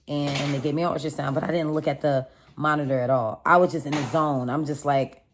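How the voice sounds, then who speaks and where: A young woman with a low, deep-set voice tells a personal story to her viewers in a relaxed, chatty way. She keeps calling them y'all. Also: a little fast, slight background noise. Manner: chatty, addresses viewers as y'all, animated retelling. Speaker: vlogger telling a story. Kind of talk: casual storytime.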